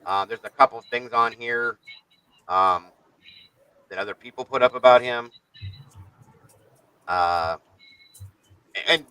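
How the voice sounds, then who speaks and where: Host, male, live-stream rant, bright forceful voice, dry sound, swears and jumps around. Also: medium pitch, unhurried, pauses often, dry recording, rough recording. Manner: irritated, profane, rambling.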